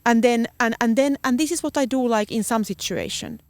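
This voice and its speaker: A woman's voice: on the high side, fairly quick, dry recording. Woman searching for words. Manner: searching for words, many fillers. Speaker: guest dog trainer. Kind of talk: casual podcast conversation.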